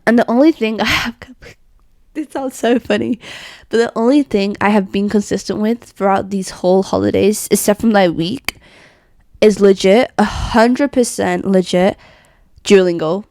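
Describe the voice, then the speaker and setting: A woman's voice: medium pitch, moderate pace, darkish tone, dry recording, studio quality. Self-mocking young woman ranting. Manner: scattered and self-mocking, laughing often and sighing. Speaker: vlogger. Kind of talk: casual rambling rant to camera. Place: her bedroom.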